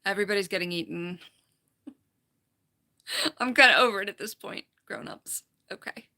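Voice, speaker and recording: A falconer hosts a casual home livestream on a computer mic, her medium-pitched voice unhurried, bright and forceful yet worn with a slight fry. She chats, rambles, giggles often and reads the chat aloud.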